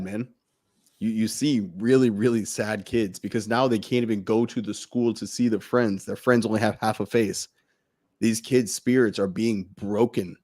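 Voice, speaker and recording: Low-voiced man ranting bluntly. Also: darkish tone. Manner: blunt and profane, building to heated. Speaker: podcast co-host. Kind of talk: impassioned podcast rant.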